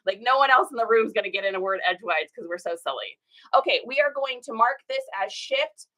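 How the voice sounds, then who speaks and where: A woman's voice: fairly high pitch, expressive, a little fast, sharp tone. A woman hosting a casual live stream while shipping orders, chatting folksily, telling stories and reading viewer comments aloud. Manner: folksy, says y'all.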